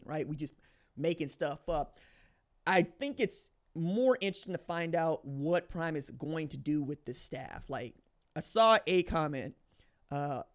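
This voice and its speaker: A man hosting a solo sports podcast, talking in a slangy, animated way with sudden excited bursts. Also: a little high. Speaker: podcast host.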